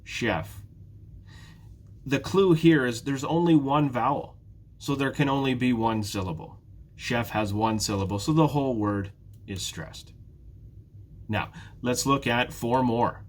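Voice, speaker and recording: A male English teacher with a British accent speaks at a slow, careful pace. He repeats each word several times and pauses so beginner learners can follow. His pitch sits in an ordinary middle range. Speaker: ESL teacher. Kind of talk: prerecorded online English lesson.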